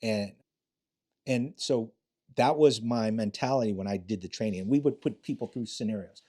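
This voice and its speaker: A man's voice: lowish voice, moderate pace, mellow. An older man, a retired police detective, telling rambling, profane stories in a casual interview, often restarting his sentences.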